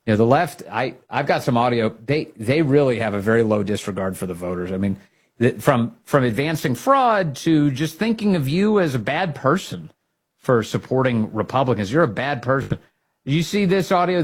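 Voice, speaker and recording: Husky, fired-up male talk show host. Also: medium pitch. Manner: emphatic and fired-up, rising to loud exhortations. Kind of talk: opinionated commentary.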